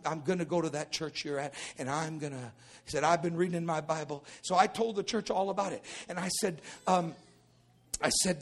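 A middle-aged male pastor telling a testimony in a sermon, moving from low storytelling into shouted preaching. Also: normal speed, gravelly.

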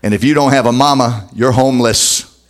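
A man preaching a sermon as pastor, emphatic and dramatic, speeding up and slowing down for effect. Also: mid-range voice.

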